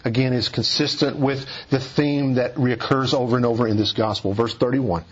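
A man's voice: medium pitch, steady tone, moderate pace, hardly any pauses, breathy edge, dull audio. A man preaching an expository sermon, emphatic and repeating key phrases for weight.

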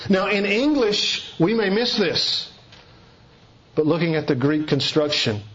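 A man preaching an expository sermon in a measured way, slowing down on key phrases for emphasis. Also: a little high, breathy edge, dull audio.

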